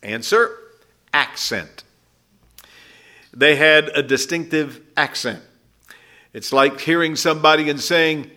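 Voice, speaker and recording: A man giving verse-by-verse Bible teaching in a bright, clear voice pitched a little high. He takes his time, stretching out his points, and his intonation swings widely as he explains. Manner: unhurried explaining, with lively rises and drops.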